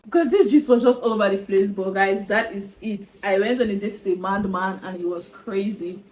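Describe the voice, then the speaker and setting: A woman's voice: mid-range voice, brisk, rough recording. Exasperated young woman vlogger. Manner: animated, exasperated, talks straight to viewers. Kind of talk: storytime vlog.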